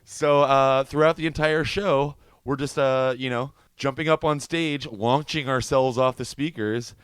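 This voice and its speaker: Smooth-voiced man telling a story. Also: medium pitch, steady tone, measured pace, dry recording, studio quality. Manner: profane, storytelling, laughs easily. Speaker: podcast co-host. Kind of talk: casual chat.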